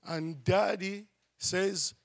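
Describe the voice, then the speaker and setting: A man preaching and telling a story in an animated way, often using "you know" and "I mean". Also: high-pitched, extremely slow, creaky. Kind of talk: sermon storytelling.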